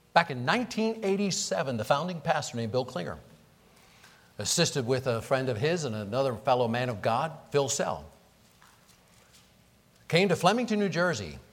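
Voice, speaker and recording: Emphatic preaching man in a reverberant hall. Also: mid-range voice. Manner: preaching with rising emphatic surges and repeated words. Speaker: pastor. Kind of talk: sermon. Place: church sanctuary.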